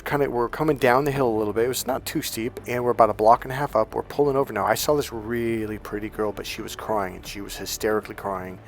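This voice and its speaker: Man, dating coach, casual lecture, profane, animated, mid-pitched voice, faint music behind. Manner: profane, animated storyteller acting out quotes.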